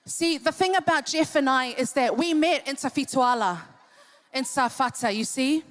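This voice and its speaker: Cheeky, bright-voiced woman teasing a crowd. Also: sits high, moderate pace. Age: 50s. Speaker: entertainer at a charity dinner. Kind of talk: live comedic crowd banter. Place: large city hall at a live dinner event.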